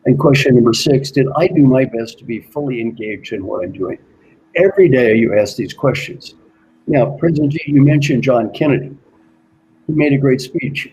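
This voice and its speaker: A man working as an executive coach, giving an earnest motivational talk and slowly repeating his key questions. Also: mid-range voice, lively intonation, darkish tone, slight background noise, low-quality recording.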